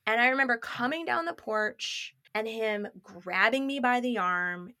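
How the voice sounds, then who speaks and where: A woman guest telling a personal story in an interview, lively and acting out what people said. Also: fairly high pitch, unhurried, no room sound, studio quality. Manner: lively, acts out others' lines in quotes.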